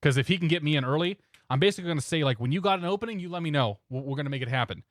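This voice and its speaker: A man streaming a flight simulator, chatting casually and in a relaxed way with viewers, often chuckling. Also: on the high side, very fast, dry recording, clean studio sound. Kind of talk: casual live-stream chat.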